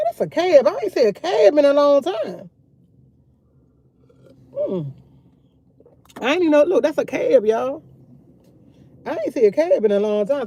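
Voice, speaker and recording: A woman's voice: high voice, dark tone, highs cut off. A woman, live-streaming outdoors on her phone and chatting candidly with viewers, talking freely and repeating herself. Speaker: vlogger live-streaming to chat. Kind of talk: casual live-stream chat.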